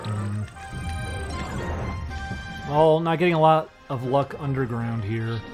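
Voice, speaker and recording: A man giving casual, laid-back commentary while streaming a video game, chatting easily and then breaking into loud, laughing outbursts. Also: mid-range voice, takes it slowly, music in the background.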